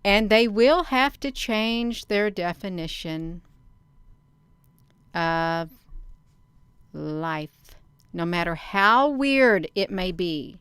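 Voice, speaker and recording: On her channel, a woman reads through a document and offers casual commentary, leaning on certain words, repeating phrases and frequently saying "you all" to her viewers. Her mid-range voice is a bit bright and smooth, recorded dry.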